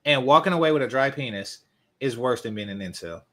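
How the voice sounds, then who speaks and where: A man's voice: mid-range voice, expressive, brisk, sharp tone. A man hosting a reaction video, commenting with open scorn over a clip. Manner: scornful, mocking.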